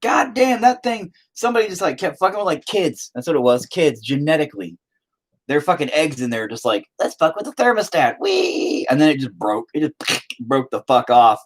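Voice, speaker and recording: A man's voice: a little high, a little fast. A man rambling casually to his stream while he paints, swearing constantly and joking. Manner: profane, rambling, jokey. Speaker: streaming artist.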